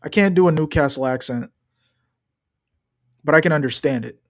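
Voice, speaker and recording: A young man talks loosely through a live stream, trash-talking and joking about football as he watches. His voice sits fairly high for a man. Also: normal speed. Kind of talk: casual live-stream commentary.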